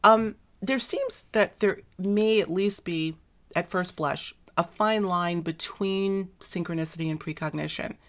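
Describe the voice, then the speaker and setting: A woman hosting an interview, chatty and quick to laugh, losing her voice and clearing her throat. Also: lowish voice, fairly bright tone. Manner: chatty, laughs often, many fillers. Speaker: podcast host. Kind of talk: casual interview chat.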